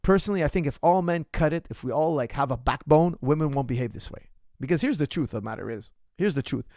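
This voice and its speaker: Blunt guy coach talking straight at you, raspy fry in his voice, pretty high for a man, dry close sound. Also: fast, a little mellow, dry recording. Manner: blunt, emphatic, opinionated, repeats his points; addresses the viewer directly. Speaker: martial arts coach. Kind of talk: ask-me-anything Q&A monologue.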